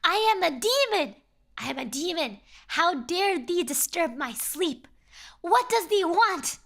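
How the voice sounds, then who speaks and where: A woman's voice: very high voice, very animated, a little slow, creaky, fairly bright tone, pitched above the performer's own voice, heavily acted. A woman voicing a pompous male demon who speaks in archaic, haughty phrases.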